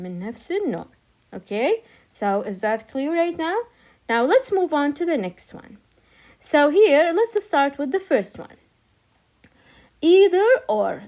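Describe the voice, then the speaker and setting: Her voice sits high and sounds a little mellow. She is an Arabic-speaking English teacher giving a patient grammar lesson, going over each point once in English and again in Arabic.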